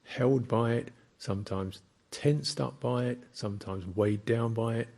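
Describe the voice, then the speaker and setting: Slow gravelly-voiced male meditation teacher. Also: mid-range voice, darkish tone. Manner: slow, reflective, with thoughtful pauses. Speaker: Buddhist monk teacher. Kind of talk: dharma talk.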